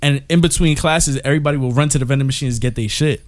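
A young man co-hosting a podcast, telling animated, laughing stories in casual slangy chat. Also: medium pitch, very fast. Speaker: podcast co-host. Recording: noisy background hiss.

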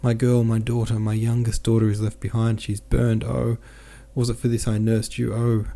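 A man reading the part of a distraught middle-aged mother who pleads and scolds in a higher, louder voice. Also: completely flat delivery, normal speed, vocal fry, lightly acted. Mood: pleading. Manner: pleading, frantic, then scolding.

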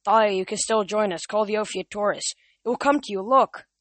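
A man's voice: sits high, fairly quick, fairly bright tone, no room sound, pitched above the performer's own voice. A young man voicing a weak, pained young traitor. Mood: pleading. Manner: strained, pleading.

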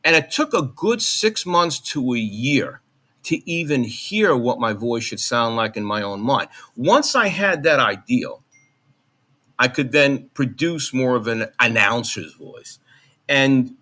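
Bright-voiced middle-aged man telling stories. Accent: Long Island. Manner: animated, jumps into high mock voices when recounting. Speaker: guest, former college radio announcer. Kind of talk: conversational interview storytelling.

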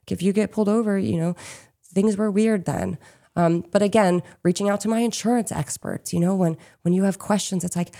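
A woman from Pennsylvania who runs a small business talks through an interview in a loose, conversational way. She fills her pauses with "um" and "you know" as she goes. Her voice sits very low for a woman. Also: expressive, warm tone. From Chester County, Pennsylvania. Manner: chatty, frequent "um" and "you know". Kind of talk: casual interview answers.

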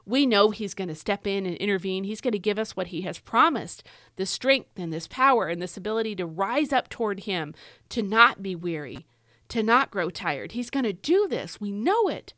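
A middle-aged woman giving casual devotional teaching, earnest and encouraging, pushing her voice up for emphasis and slowing down to read scripture. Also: mid-range voice, sing-song, a bit bright, dry recording, studio quality. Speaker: devotional podcast host.

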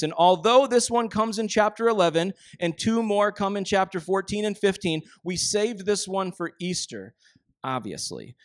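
A man's voice: on the high side, dry recording, clean studio sound. A man, preaching a sermon that mixes scripture reading with conversational, plainspoken talk. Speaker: pastor.

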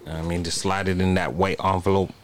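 A man's voice: low-pitched, flat delivery, a little fast, a little hiss or hum. A man co-hosting a podcast in a laid-back, slangy, cursing casual chat. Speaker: podcast co-host.

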